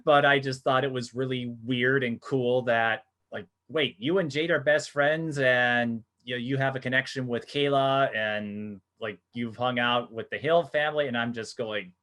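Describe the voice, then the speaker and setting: A man's voice: medium pitch, fairly even intonation, normal speed, few pauses, a bit bright. A middle-aged man interviewing young athletes in a casual, teasing way, laughing often. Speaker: sportscaster and interviewer. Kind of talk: casual video-call interview.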